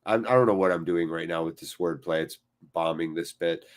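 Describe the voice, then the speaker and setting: A man hosting a live football watchalong from a cold room attached to his house, commentating with excited, jokey chatter and replying to viewers. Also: low-pitched, brisk.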